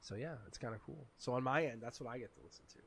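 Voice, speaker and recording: A man with a raspy voice, chatting and laughing often as he gives tarot readings on a live stream. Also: mid-range voice, very fast, slight background noise. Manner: chatty and animated, laughs often, talks to chat. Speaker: tarot reader.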